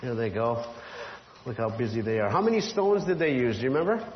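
A man's voice: medium pitch, sing-song, a little fast, a crowd in the background. A man leading a children's Bible lesson in a church hall, playful and quizzing the kids, chuckling often. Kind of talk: children's Bible story with props. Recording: echoey hall, dull lo-fi sound.

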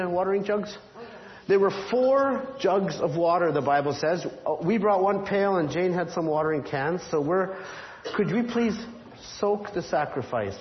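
A man leading a children's Bible lesson in a church hall, playful and quizzing the kids, chuckling often. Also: high-pitched. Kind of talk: children's Bible story with props. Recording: echoey hall, dull lo-fi sound.

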